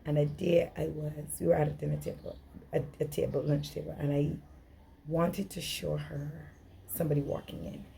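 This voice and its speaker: Middle-aged lady coaching on relationships, low gravelly voice, mellow tone, faint hiss behind. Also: little pitch movement, normal speed. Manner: earnest, emphatic, quotes herself in dialogue. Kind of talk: motivational workshop talk.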